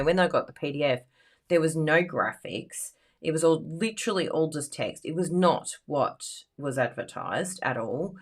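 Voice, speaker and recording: A woman with a notably low voice talks through a card-making demo in a loose, rambling way. She piles on fillers and breaks into laughter often, keeping it casual and conversational. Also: a bit bright. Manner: chatty and rambling, with frequent fillers. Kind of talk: casual chat during a crafting demo.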